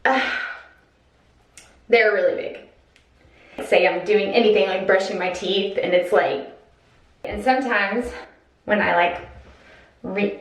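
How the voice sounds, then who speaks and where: A young woman from Oregon talking to her camera in a casual personal vlog, nervous, giggly and self-conscious. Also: medium pitch. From Oregon, USA. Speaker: vlogger. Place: at home and in a car.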